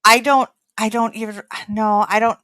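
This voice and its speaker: A woman chatting casually, telling a story with lively acted-out quotes and frequent laughter. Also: on the high side, normal speed, no room sound. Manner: animated, acts out quotes, laughs often. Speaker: podcast host.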